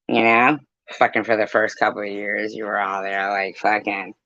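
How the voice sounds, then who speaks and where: A woman's voice: extremely low pitch, normal speed, a bit bright, dry recording. A woman streamer talking to her viewers in a blunt, heated, profane rant. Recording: dull, lo-fi, dry mic.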